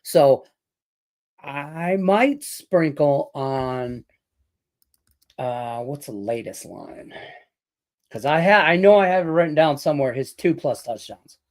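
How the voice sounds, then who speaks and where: A middle-aged man from Detroit hosting a betting talk show, his voice sitting a bit higher than most men's. He rambles loosely, swears freely and leans on fillers as he tells a story and gives picks. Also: lively intonation, slow pace, long pauses, darkish tone. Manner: rambling, profane, story-telling with lots of fillers. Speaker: sports betting podcast host. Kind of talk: casual chat with betting picks.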